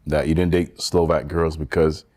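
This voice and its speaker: A man from Barbados, a podcast co-host in casual chat, teasing and quick to laugh. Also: very deep voice, little pitch movement, warm tone.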